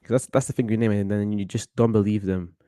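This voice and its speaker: A man's voice: lowish voice, steady tone, fast talker, mellow, clean tone, no room sound. A man hosting a football watchalong, chatting casually and giving opinionated commentary on the match. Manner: chatty, opinionated, thinks aloud with restarts.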